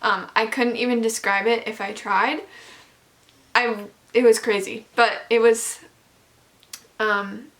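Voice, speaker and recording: A woman's voice: on the high side, fairly even intonation, slow, long pauses, a bit bright. A young woman vlogger telling a personal story in a casual, candid way, with lots of likes and ums.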